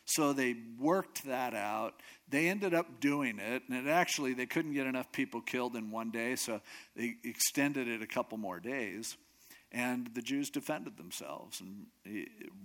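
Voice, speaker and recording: A man's voice: mid-range voice, a bit bright. A man casually retelling a scripture story in a sermon, acting out each character. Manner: chatty retelling with frequent acted quotes.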